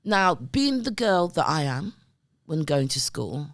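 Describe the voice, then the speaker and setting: A middle-aged woman speaks as a podcast guest in a low-set but very lively voice that rises and falls freely. She tells her stories emphatically and keeps checking in with her listener. The sound is close and dry. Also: takes it slowly, dry recording. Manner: emphatic, animated, often addresses the listener with "right?" and "yeah?". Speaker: guest, community development worker. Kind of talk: conversational storytelling.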